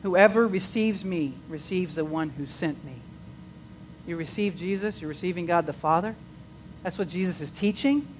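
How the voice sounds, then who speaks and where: A man's voice: sits high, normal speed, slight background noise, poor audio. A man preaching a sermon, repeating words as he restarts phrases and rising into emphatic bursts.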